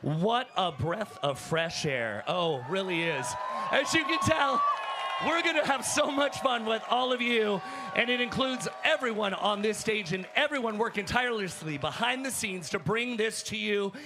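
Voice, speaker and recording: A man working as a roving hype host on a crowded convention floor, energetic and calling out to fans. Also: high-pitched, moderate pace, background noise. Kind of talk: live event hosting.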